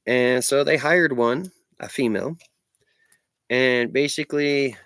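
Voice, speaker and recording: A middle-aged man rants through a story, blunt and sarcastic and cursing freely. His voice sits at an ordinary middle pitch. It is recorded close and dry, with no echo. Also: measured pace, a bit bright. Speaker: vlogger. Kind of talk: profane ranting storytelling.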